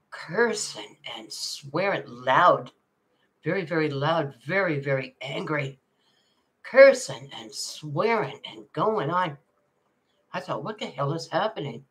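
A woman's voice: low-pitched, fairly bright tone. A retired older woman chatting casually on a livestream, reading viewer comments, laughing often and calling people darling. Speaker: livestream host.

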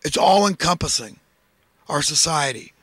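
Husky high-voiced man preaching. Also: lively intonation, moderate pace, fairly bright tone, dry recording. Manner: preachy, emphatic, rhetorical questions. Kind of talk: impassioned social commentary monologue. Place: in California.

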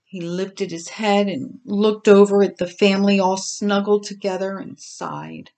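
Older grandmother reading a bedtime story, gentle, slow, lively pitch. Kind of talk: reading a children's story aloud.

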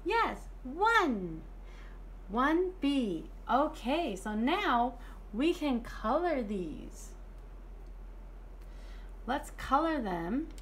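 A woman leads a small child through shapes and counting in an online preschool lesson. She speaks very slowly, with a fairly high voice that rises and falls a lot. Faint room noise sits under her voice. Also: big pitch swings. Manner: slow, sing-song teacher talk with counting and praise. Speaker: teacher.

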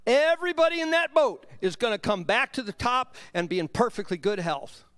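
A man preaching a sermon in church, swinging between loud emphatic lines and hushed low asides. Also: expressive, fairly quick, smooth, dry recording. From Southern US. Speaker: pastor.

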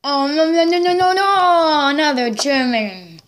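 Woman, high voice, excitable, live reaction commentary, lots of exclaiming. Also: measured pace. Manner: excitable, exclaiming and laughing along. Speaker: reaction video host.

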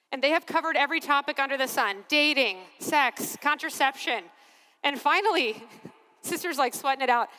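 Nun telling stories to a big arena, high bright voice, long hall echo, lots of laughs and acted-out quotes. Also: female voice. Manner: expressive, acts out quotes, laughs often. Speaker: religious sister giving a keynote. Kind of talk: animated storytelling talk. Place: large convention arena.

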